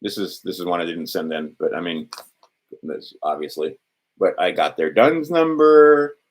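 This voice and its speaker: This instructional video host has a deep, expressive voice and talks at normal speed. His informal talk wanders as he thinks aloud, drops sentences and starts them again, and acts out quoted back-and-forths.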